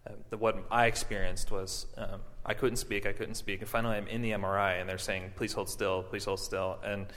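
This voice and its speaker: A man telling an audience his own story, halting often, with many fillers and restarts, and laughing at himself. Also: lowish voice, little pitch movement, fairly bright tone. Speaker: performer and stroke survivor. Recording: long hall reverb.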